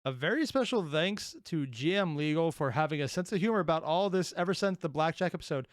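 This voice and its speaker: A man's voice: on the high side, lively intonation, a little fast. A man hosting a reaction video, who laughs and rambles in casual commentary and pokes fun at himself. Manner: laughing, rambling, self-deprecating.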